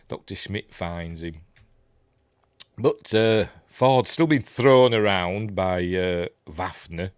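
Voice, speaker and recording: A middle-aged Yorkshire man with a fairly low voice, chatting his way through a film with plenty of ums and dry asides. The sound is close and dry, with no room to it. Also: lively intonation, slow, no room sound. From Yorkshire, England. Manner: rambling and chatty, lots of ums, dry wry jokes. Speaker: film review host. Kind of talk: casual film commentary over footage.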